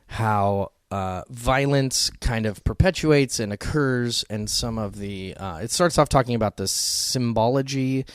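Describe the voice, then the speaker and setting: A man's voice: medium pitch, measured pace, few pauses, clear, resonant tone, no echo, clean studio sound. A man co-hosting a podcast in casual chat, rambling with many ums and some swearing. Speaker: podcast co-host.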